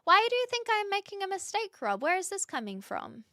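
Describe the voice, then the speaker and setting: Woman streamer, casual chat, earnest with many restarts, bright and slightly high voice, dry close mic. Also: very animated, brisk, no echo. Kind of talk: casual chat reading viewer comments.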